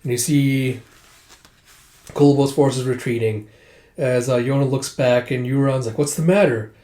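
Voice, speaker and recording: A man's voice: mid-range voice, level tone, unhurried, mellow, echoey room. A man casually retelling a comic chapter, loose and full of fillers. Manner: loose, filler-heavy storytelling. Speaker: comic reader.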